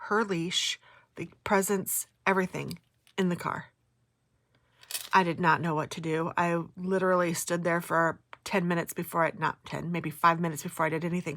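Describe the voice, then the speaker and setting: A middle-aged woman vlogger talks casually through her day and tells a story. She is animated and keeps breaking into exclamations. Her voice sits a little low, and the recording is dry and close. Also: normal speed, no room sound.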